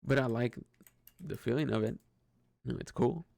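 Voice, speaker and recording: A man's voice: medium pitch, moderate pace, creaky, a little mellow, no echo. A man talking through a casual personal monologue, hesitant and rambling, with frequent restarts and swearing. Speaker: vlogger.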